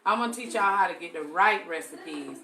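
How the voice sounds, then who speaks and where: Chatty woman with a bright voice. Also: on the low side, lively intonation, fairly quick, slight background noise. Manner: chatty, addresses viewers as y'all. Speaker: soap-making instructor. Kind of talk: live-stream tutorial.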